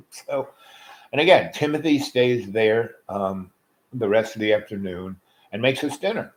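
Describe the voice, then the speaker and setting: A man's voice: lowish voice, normal speed, low-quality recording. A man telling a rambling personal story, loose and full of fillers and asides.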